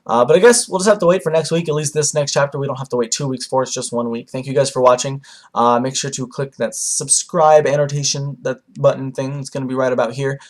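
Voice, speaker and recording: Rambling young man reviewing manga. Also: mid-range voice. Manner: rambling, filler-heavy, animated. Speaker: anime reviewer. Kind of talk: casual video review.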